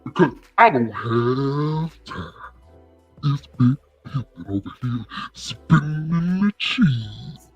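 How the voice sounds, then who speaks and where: A woman putting on a gruff, menacing monster voice to taunt hecklers. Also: extremely low pitch, expressive, slow pace, lo-fi sound, soft background music, voice pushed down, exaggerated voice. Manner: taunting, mock-threatening.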